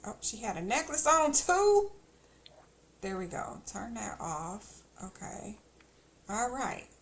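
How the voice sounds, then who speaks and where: A woman's voice: medium pitch, slight background noise. A woman streamer chatting casually as she plays, thinking aloud with teasing asides. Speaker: game streamer. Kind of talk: casual gameplay commentary.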